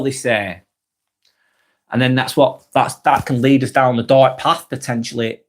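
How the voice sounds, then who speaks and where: A man's voice: medium pitch, level tone, a little slow. Earnest swearing man hosting a live vlog. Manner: earnest, swears freely, many restarts and trailing phrases. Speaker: live vlog host reading chat comments. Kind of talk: casual thinking out loud on a live stream.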